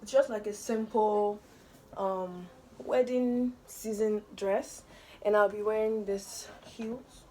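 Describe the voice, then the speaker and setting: A woman's voice: medium pitch, fairly even intonation, takes it slowly, warm tone, slight background noise. A young woman vlogger telling a story in casual, chatty talk while doing her makeup, full of fillers and laughter. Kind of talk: casual get-ready-with-me storytelling.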